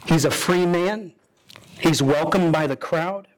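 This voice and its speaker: A man preaching a sermon as pastor, telling a story dramatically with sudden rises and drops in his voice. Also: slow pace. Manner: dramatic storytelling preacher, voicing characters with pitch swings.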